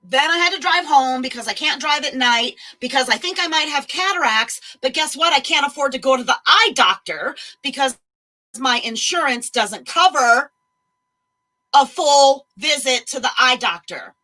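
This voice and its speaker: A woman telling a story in a blunt, animated way and swearing freely. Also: high-pitched, rough recording. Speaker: vlogger. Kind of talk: casual chat, ranting story.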